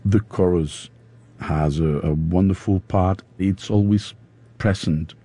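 A man with a Spanish accent, an opera singer interviewed in English, his second language, pausing often to search for words. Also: deep voice, steady tone, dark tone, slightly rough. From Spain. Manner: halting, searching for words with fillers.

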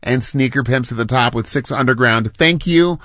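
A man's voice: mid-range voice, normal speed, a bit bright, no echo. A man hosting a morning radio show alone in a studio, speaking in an earnest, heartfelt way between songs. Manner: repetitive "I love that" phrasing. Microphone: studio microphone.

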